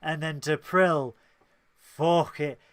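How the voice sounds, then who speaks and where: Co-host, higher-pitched, dry close sound, acts out lines with gusto. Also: male voice, moderate pace, dry recording. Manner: animated, acts out character lines, swears freely. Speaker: podcast co-host. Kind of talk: casual review chat.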